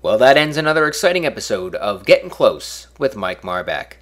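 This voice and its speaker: A man's voice: fairly low pitch, sing-song, fairly quick, hardly any pauses. A man hosting a podcast, signing off in an offhand, drifting, self-mocking way. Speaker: podcast host. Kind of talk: casual podcast sign-off.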